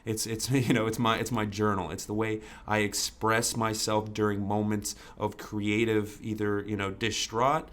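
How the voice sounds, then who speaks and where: A man's voice: fairly low pitch, flat delivery, normal speed, hardly any pauses, a bit bright. A man as a podcast guest, talking candidly and earnestly, repeating himself with many "you know"s and casual swearing. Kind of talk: candid interview conversation.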